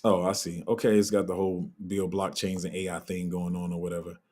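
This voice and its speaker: A man's voice: deep voice, flat delivery, a little fast, darkish tone. A man hosting a casual live crypto Q&A, answering chat in a loose, candid way and trailing off while he looks things up. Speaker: crypto livestream host.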